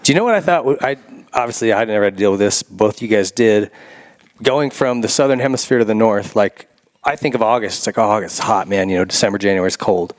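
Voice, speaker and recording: A man's voice: fairly low pitch, animated, fast. A man hosting a casual interview, easygoing and asking short questions. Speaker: podcast host.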